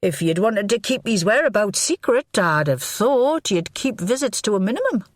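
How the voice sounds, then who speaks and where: Woman voicing a dry needling lady cop, middle-aged, lively up and down voice. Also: mid-range voice, normal speed, no echo, voice pushed up. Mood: probing. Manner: dry, needling and mock-innocent. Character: blunt, shrewd middle-aged woman police inspector. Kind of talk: audiobook character voice.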